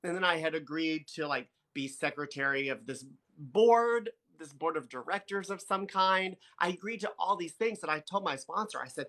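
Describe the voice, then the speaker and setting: A man co-hosting a casual live stream, chatty and quick to laugh, reading viewer comments aloud. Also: a little high, a bit bright. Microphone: phone.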